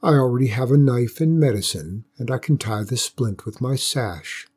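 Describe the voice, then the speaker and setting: A man's voice: medium pitch, lively intonation, moderate pace, darkish tone, husky. Man reading a resolute young maiden. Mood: calm. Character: brave young village maiden healer, calm and determined.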